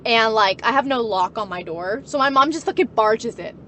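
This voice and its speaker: A woman in her twenties speaks in casual chat, blunt and full of swearing, breaking into laughter often. Her voice sits a bit high. A faint hum of noise runs behind her. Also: lively intonation, moderate pace, a bit bright. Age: 20s.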